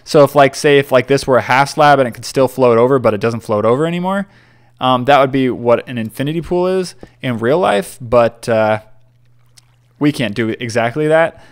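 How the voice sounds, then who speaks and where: A man's voice: medium pitch, normal speed, clear, resonant tone. A young man chatting casually while building in Minecraft, rambling and often stumbling over his words. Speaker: gaming YouTuber.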